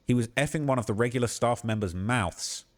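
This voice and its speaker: A man hosting a livestream, reading a long post aloud in a steady way and breaking off now and then with shocked outbursts. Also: mid-range voice, brisk. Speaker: livestream host.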